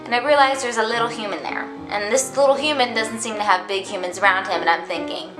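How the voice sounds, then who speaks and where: A woman's voice: mid-range voice, fast talker, hardly any pauses. A young adult woman telling a casual storytime vlog in a dramatic, chatty way, full of "like". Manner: dramatic, chatty, heavy use of "like". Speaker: vlogger. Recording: echoey room with background music.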